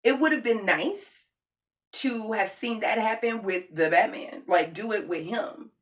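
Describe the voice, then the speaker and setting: An adult woman who has a child reviews a film on camera, chatting directly to viewers in a slangy, emphatic way and restating points for effect. She speaks a little slowly in a mid-range voice.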